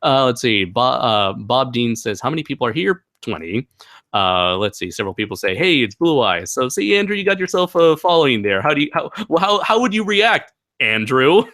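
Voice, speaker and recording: Male livestream host, mid pitch, animated and rambling, reads chat with lots of laughs. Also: normal speed, no room sound, clean studio sound.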